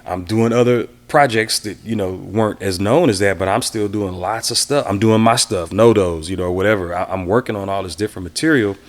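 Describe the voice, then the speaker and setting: Deep-voiced man reminiscing in an interview. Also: brisk, few pauses. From Houston area, Texas. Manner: relaxed, reminiscing, acts out quoted voices. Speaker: interview guest, DJ and producer. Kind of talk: casual interview storytelling.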